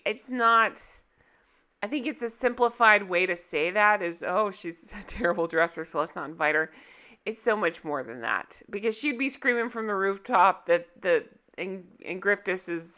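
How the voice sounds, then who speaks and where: A woman's voice: lowish voice, pushed and bright. A woman hosting a casual reaction vlog, reading out posts and commenting in a sarcastic, exasperated way, often speculating aloud. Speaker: royal commentary vlogger.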